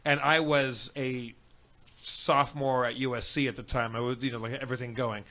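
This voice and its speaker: A man's voice: mid-range voice, little pitch movement, moderate pace, sharp tone. A young man telling a rambling, profane jail story as a guest on a comedy podcast.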